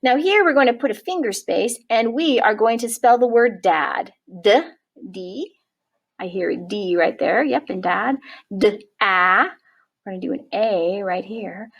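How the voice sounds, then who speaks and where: A woman teaching a kindergarten writing lesson, encouraging and spelling words out slowly for young children. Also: medium pitch, vocal fry, highs cut off. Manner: warm, encouraging, slow-spelling teacher talk. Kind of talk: early-years writing lesson.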